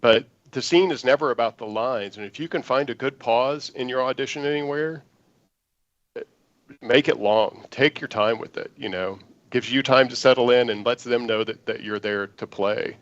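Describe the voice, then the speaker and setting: A man, an actor guest, telling an animated audition story in an interview and acting out the lines he quotes. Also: mid-range voice, normal speed, dull audio.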